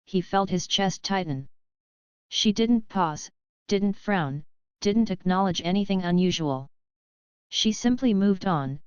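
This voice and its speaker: A woman reading a dramatic story aloud in a steady, even narrating voice. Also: medium pitch, clear, resonant tone, no echo. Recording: dry, slightly dull lo-fi.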